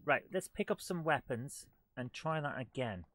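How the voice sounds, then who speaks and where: A man's voice: medium pitch, animated, normal speed. A man streaming a game live, chatting playfully with viewers and joking as he plays. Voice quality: playful, jokey, puts on silly voices. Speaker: let's play streamer. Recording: noisy game audio behind. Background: game sounds and gunfire.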